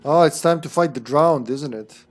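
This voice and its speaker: A man's voice: a little high, moderate pace, soft background music. Casual young man streaming a game. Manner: casual, rambling, critical asides with mild swearing. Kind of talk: casual gameplay commentary.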